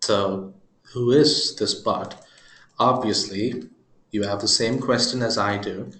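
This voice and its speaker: A man giving a screen-recorded software demo, talking his viewers through it with joking, chuckling asides. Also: fairly low pitch, fairly even intonation, slow, echoey room. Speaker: software presenter.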